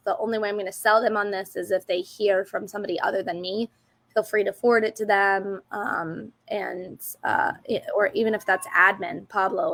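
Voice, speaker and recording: A woman's voice: mid-range voice, vocal fry. A woman co-hosting a live online info session for teachers, talking in an upbeat, chatty way with many fillers. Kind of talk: casual live-stream chat.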